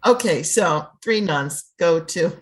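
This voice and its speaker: A woman co-hosting a film podcast, telling a joke in a rambling, halting way and laughing as she goes. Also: lowish voice, expressive. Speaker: podcast co-host. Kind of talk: casual chat, telling a joke.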